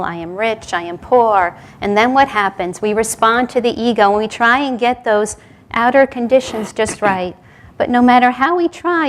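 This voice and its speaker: A woman's voice: mid-range voice, slight background noise. A middle-aged woman from New York City giving a Sunday service talk, telling stories and chuckling between lines. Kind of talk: sermon with told stories and jokes.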